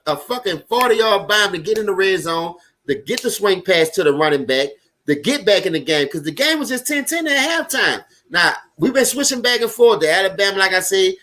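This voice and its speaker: A high-voiced man with a New Orleans accent talks loud and fast over a live football game. He swears freely as he reacts to the plays and answers his viewers by name in an easygoing, animated way. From Louisiana. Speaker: sports stream host. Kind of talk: casual live sports commentary.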